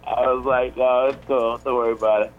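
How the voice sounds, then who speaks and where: A man's voice: medium pitch, level tone, fairly quick, highs cut off, a loud crowd. A man in his forties, a comedian, telling a rambling story on a radio show, full of fillers and restarts. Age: 40s. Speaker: comedian guest.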